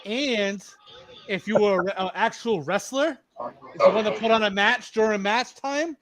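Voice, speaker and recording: A man's voice: sits high, normal speed, fairly bright tone. A man in his thirties from Massachusetts, telling long rambling stories full of swearing in casual voice chat. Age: 30s. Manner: rambling, profane, repeats himself.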